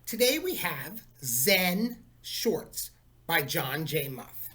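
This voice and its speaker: Animated man reading a picture book aloud. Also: high-pitched, measured pace. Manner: animated, chatty storyteller. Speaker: teacher.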